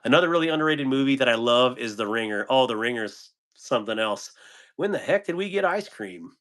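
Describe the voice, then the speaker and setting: A man's voice: mid-range voice, animated, brisk, a bit bright. A man hosting a casual livestream, reading viewer comments aloud with frequent chuckles and trailing ums. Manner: laid-back, chuckles often, trails off with ums. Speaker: livestream host reading chat. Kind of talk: casual live chat.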